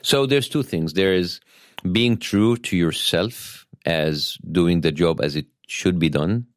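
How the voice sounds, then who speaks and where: A middle-aged man with an Egyptian Arabic accent, a satirist guest talking in a wry, self-deprecating way with thoughtful pauses. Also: deep voice, no room sound. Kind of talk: conversational interview.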